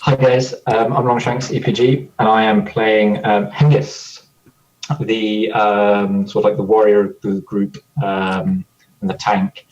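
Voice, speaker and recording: Low-voiced man chatting casually. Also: unhurried, lo-fi sound, slight background noise. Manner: relaxed, rambling with fillers. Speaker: player. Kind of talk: casual chat.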